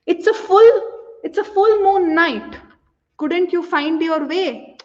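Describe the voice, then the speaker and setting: A woman's voice: high-pitched, expressive, measured pace, distant mic. A woman voicing a proud, hurt woman who mocks the lover who has come back to her. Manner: sarcastic, wounded. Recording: dull audio with long reverb.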